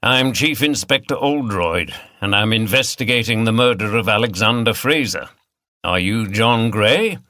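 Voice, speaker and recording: A man's voice: on the low side, animated, normal speed, pushed and bright, dry recording, clean studio sound. A man reading the part of a male chief inspector who is courteous, firm and direct. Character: polite, persistent male police chief inspector.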